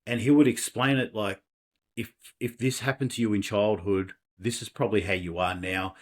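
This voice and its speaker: Australian man, podcast guest, casual storytelling, animated, laughing, restarts. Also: on the low side, moderate pace. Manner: animated, laughing, self-deprecating, many restarts.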